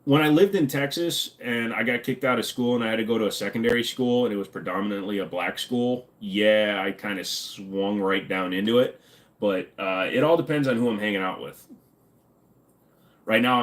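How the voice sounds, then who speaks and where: This livestream host is a man in his forties with a brisk, lowish voice. He reads chat messages aloud and answers them in a joking, offhand way.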